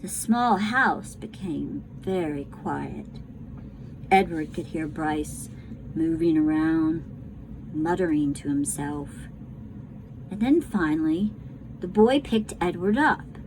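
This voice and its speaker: A woman reading a children's book aloud to a class, tender and unhurried. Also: sits low, noisy background. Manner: slow, tender storytelling.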